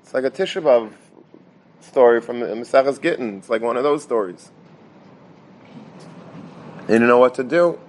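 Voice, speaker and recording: A man's voice: mid-range voice, animated, moderate pace, pauses often. A man telling a dramatic religious story, sprinkling in Hebrew and Yiddish terms and often restarting his words. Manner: stammering restarts and repetition.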